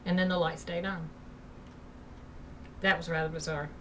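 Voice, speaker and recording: A woman's voice: on the low side, little pitch movement, normal speed. Woman, chatty ghost-story vlog, filler-heavy storytelling, faint hiss behind her. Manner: chatty, rambling, fills with "you know". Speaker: vlogger telling ghost stories. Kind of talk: casual spoken storytelling. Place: at home. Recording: distant mic, faint background hiss.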